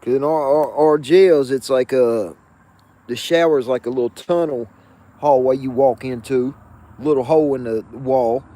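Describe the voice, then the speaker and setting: A man hosting his own show, telling a jail story in a profane, slangy, animated way with frequent asides. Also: medium pitch, normal speed. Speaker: show host. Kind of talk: casual storytelling of a jail anecdote.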